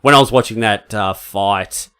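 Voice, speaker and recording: A man co-hosting a podcast in a casual movie-review chat, animated and acting out scenes with quoted voices. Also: on the low side, moderate pace, clean tone. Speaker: podcast co-host.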